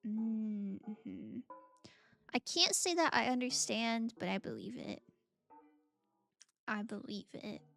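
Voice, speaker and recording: A woman streamer chatting casually while she plays a game, reading chat aloud and bursting into excited greetings. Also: a little high, slow pace, vocal fry, long pauses, faint music behind.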